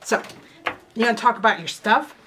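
A woman's voice: fairly high pitch, fairly quick, over a noisy crowd. A woman co-hosting a casual needlework chat show, chatty and teasing. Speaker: co-host.

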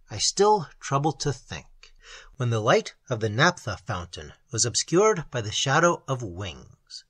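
A man narrating a classic novel as an audiobook, in a measured and expressive literary reading. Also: mid-range voice, breathy edge, no echo.

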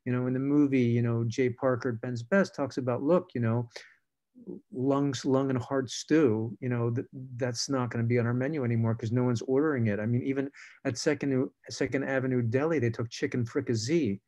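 Brief: a man guest, loose and rambling, with a soft, dark voice at a middle pitch. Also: steady tone, a little fast. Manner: rambling with many fillers and restarts. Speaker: film director and guest. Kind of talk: casual panel talk.

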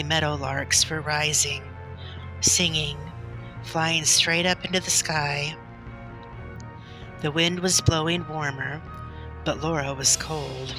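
A woman reading a classic children's novel aloud in a gentle, deliberate storytelling manner. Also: low-pitched. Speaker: storybook reader.

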